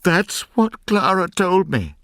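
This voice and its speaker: Audiobook: male reader playing a tearful village aunt, high and pleading, slow. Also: very animated, a bit bright, no echo, studio quality, exaggerated voice. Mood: urgent. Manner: pleading, crying out in high strained tones. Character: frantic tearful older village woman, Aunt Rosa. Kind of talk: audiobook character reading.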